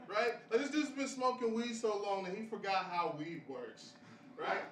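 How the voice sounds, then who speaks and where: Young male stand-up, loose and rambly, higher voice, distant mic in a noisy echoing café. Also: moderate pace, fairly bright tone. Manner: rambling, filler-heavy delivery with frequent laughs at his own jokes. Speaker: stand-up comedian. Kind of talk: stand-up comedy set at an open mic. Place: small café open mic. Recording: roomy live café sound from a distant mic with audience noise.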